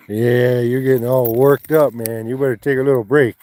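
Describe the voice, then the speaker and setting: A man's voice: mid-range voice, steady tone, moderate pace, hardly any pauses, warm tone, no room sound. A man outdoors by the water, playfully coaxing and praising his dog in casual chat. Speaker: dog owner.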